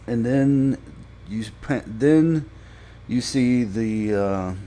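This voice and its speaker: A man casually recapping a TV episode for a podcast, halting with frequent fillers and restarts. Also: medium pitch, mellow. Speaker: podcast reviewer.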